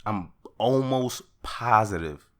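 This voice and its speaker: A young man hosting his own podcast, ranting in a casual monologue that swings from loud outbursts to calmer talk. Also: on the low side, takes it slowly. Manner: rants loudly, then calms down. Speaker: podcast host.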